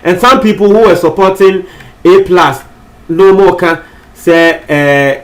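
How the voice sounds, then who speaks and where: A man's voice: sits high, a little slow. A Ghanaian man presenting entertainment news in a chatty, casual way, switching between languages and repeating phrases for emphasis.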